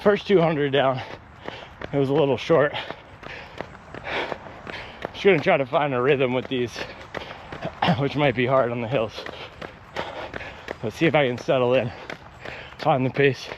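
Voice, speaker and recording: Measured and pausing often, a medium-pitched running vlogger talks outdoors as he runs, offering wry, ranting asides between strides in a casual monologue. The audio is muffled with slight background noise.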